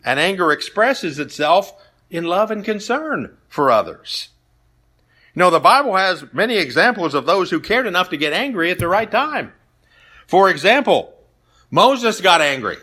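A man's voice: high-pitched, big pitch swings, moderate pace, pushed and bright. A man preaching a sermon, retelling stories and scripture in a plain, conversational way. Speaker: pastor.

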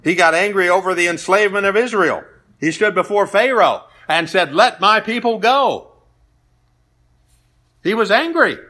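A man's voice: sits high, animated, a little fast, bright, forceful tone. A man preaching a sermon, retelling stories and scripture in a plain, conversational way. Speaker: pastor.

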